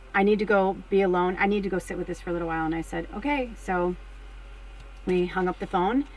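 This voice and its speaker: A middle-aged woman medium talking straight to her viewers, candid and chatty, with casual swearing. Her voice sits at an ordinary pitch for a woman. A faint hum of noise runs under the recording. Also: rough recording. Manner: chatty and candid, swears freely, gets excited and shrieks when retelling. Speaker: spiritual medium and vlogger. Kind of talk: casual personal storytelling to viewers.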